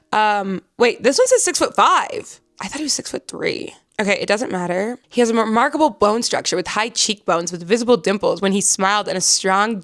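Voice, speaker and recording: Excitable young woman gushing and squealing. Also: fairly high pitch. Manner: chatty, rambling, full of fillers. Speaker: book reviewer. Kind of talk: casual vlog chat.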